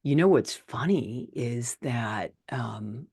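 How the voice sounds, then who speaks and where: A podcast host talks slowly and earnestly, musing on faith and hope. The voice sits in a middle pitch, and the recording is dry and close. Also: lively intonation, vocal fry, darkish tone, breathy edge, dry recording. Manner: slow, earnest, spiritual musing. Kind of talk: casual interview chat.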